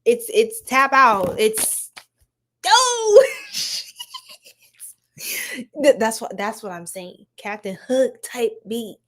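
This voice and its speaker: A woman's voice: a little high, slow, fairly bright tone. A young woman doing a casual livestream tarot reading, giggling often and talking in loose slang to her viewers.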